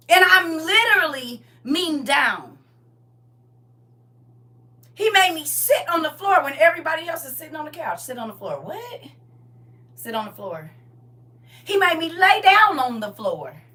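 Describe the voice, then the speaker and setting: Forceful woman shouting an impassioned testimony. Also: animated, measured pace, pauses often, recorded from a distance. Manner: swings between shouting and low intense talk; repetitive, emphatic delivery.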